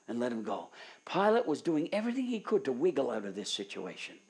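A man preaching a sermon, moving between hushed, near-whispered pleas and loud, fervent urging. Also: medium pitch, very animated, quick pace, breathy edge.

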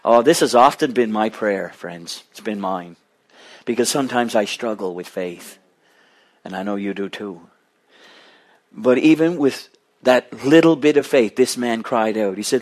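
A man's voice: fairly low pitch, moderate pace. A middle-aged man preaching a sermon with impassioned delivery, rising to fervent pleading cries.

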